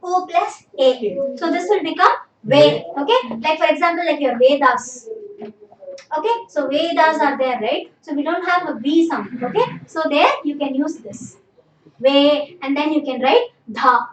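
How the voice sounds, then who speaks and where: In an echoey room with a distant mic and faint noise, a woman leads a live online language class. Her voice is high and animated yet unhurried, and she patiently drills her students while saying "okay" constantly.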